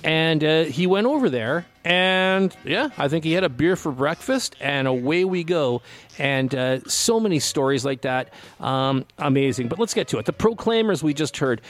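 A man's voice: fairly high pitch, expressive, moderate pace. A Canadian man hosting a radio show in a casual, rambling chat full of fillers and restarts. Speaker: radio host.

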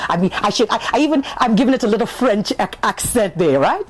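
A woman author telling a personal story in a conversational, animated way, speaking straight to her listeners. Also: mid-range voice, fast, few pauses. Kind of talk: spoken-word personal storytelling.

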